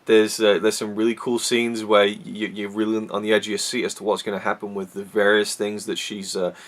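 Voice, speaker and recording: A man's voice: fairly low pitch, level tone, brisk. A man giving a casual, rambling film review to camera, with many restarts and fillers. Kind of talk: casual solo movie review.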